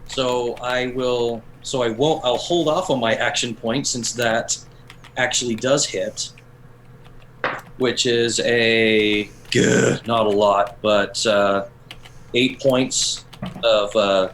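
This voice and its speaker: A man's voice: medium pitch, fairly even intonation, slow pace, a bit bright, a little hiss or hum, poor audio. A man playing in a tabletop game, hesitant and thinking aloud as he decides his moves. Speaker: player. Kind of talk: casual game play.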